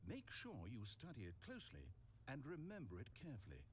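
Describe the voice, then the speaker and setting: A man's voice: medium pitch, huge pitch swings, fairly quick, slight background noise. A man voicing a middle-aged male game narrator who speaks in a dry, mock-grand, theatrical way.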